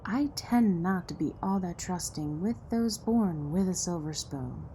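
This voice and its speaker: A woman playing a blunt, distrustful young woman from a poor neighborhood in an audio drama, sharp-tongued and sarcastic. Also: lowish voice, lively intonation, measured pace, a little hiss or hum.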